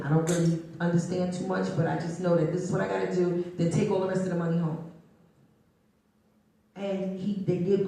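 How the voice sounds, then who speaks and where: A woman's voice: lowish voice, creaky. Middle-aged woman telling stories in an echoey room. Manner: animated, laughing often. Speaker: interview guest. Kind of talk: conversational storytelling. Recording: echoey room, mic at a distance.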